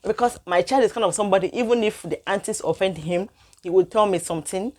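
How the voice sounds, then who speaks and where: A young woman vlogger telling a personal story to her viewers in non-standard English, emotional and animated. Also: mid-range voice, fast talker. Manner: animated, emotional retelling with frequent laughs and sighs.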